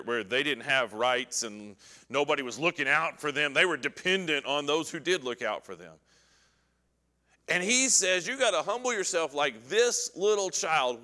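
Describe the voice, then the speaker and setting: A man teaching an adult Bible class, animated as he acts out scripture scenes and puts questions to the class. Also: medium pitch, long reverb tail.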